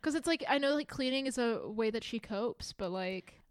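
A young woman co-hosting a podcast recaps a TV episode. She talks casually and fills her sentences with "like" in a fairly high voice. The recording is close and dry. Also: animated, normal speed, no echo. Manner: chatty, filler-heavy, many "like"s. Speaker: podcast co-host.

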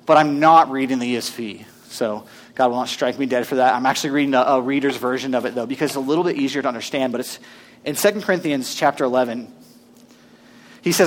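A male pastor preaching a sermon in a conversational, animated way, reading scripture aloud to his congregation. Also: medium pitch, fast talker.

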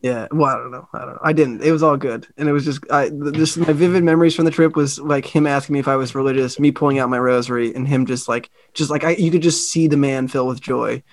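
An American man co-hosting a podcast, telling a travel story in a lively, casual way and acting out the people in it. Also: medium pitch, fast, hardly any pauses. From United States. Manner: animated storyteller who acts out quoted people. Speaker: podcast co-host.

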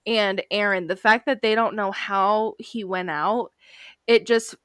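A woman co-hosting a podcast, chatting casually, expressive and quick to laugh and get emotional. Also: medium pitch, smooth, no room sound, studio quality. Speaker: podcast co-host. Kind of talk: casual chat.

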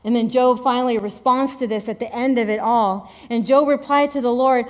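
Woman preacher, sermon, emphatic, conversational, slightly high voice. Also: moderate pace, hardly any pauses. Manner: lively, emphatic, conversational, repeats phrases for effect.

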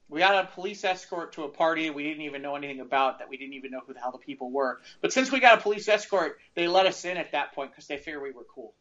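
A man's voice: on the high side, fast talker, few pauses, fairly bright tone, muffled recording. A man co-hosting a casual talk show, telling a long, rambling story. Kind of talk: casual podcast chat.

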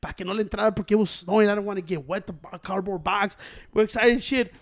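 A man's voice: high voice, fast talker. A man telling a story in casual chat, laughing often, swearing freely and mixing Spanish into his English.

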